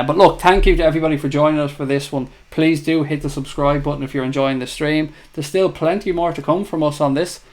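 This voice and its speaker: A man with an Irish accent hosting a live fan chat show, reading out viewer comments and bantering in a chatty, teasing way. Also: a little high. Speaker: livestream host.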